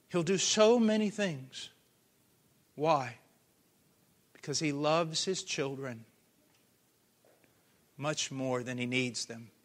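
A man preaching a sermon with passion, swinging from hushed earnest tones to loud cries. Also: a little high.

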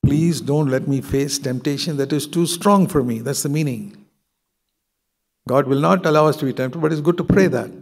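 A man's voice: fairly high pitch, normal speed, creaky. An older man with an Indian English accent, preaching a sermon in an earnest, conversational way that slips into prayer.

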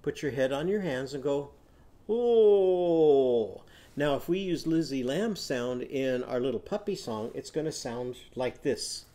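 A man teaching a phonics lesson to young children, patient and clear, leading sing-along sound games. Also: medium pitch, expressive, normal speed, hardly any pauses, a little mellow. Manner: sings call-and-response animal sounds.

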